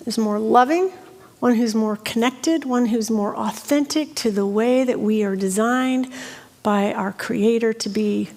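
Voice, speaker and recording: A middle-aged woman preaching a sermon, telling a personal story in an animated, self-deprecating way. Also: on the high side, big-room sound. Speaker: pastor.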